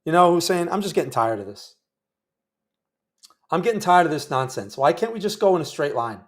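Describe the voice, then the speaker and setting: A man's voice: fairly high pitch, big pitch swings, fairly quick. Chatty, wry man narrating live trades. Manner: chatty, wry, talks to viewers while trading. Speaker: day trading livestream host. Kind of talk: live trading commentary.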